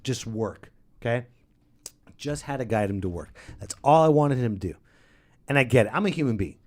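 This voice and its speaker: Man, podcast host, comic rant, exasperated, very lively pitch, close mic. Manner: exasperated, animated, bursts into yelling. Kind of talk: comedic storytelling rant. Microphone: studio podcast microphone.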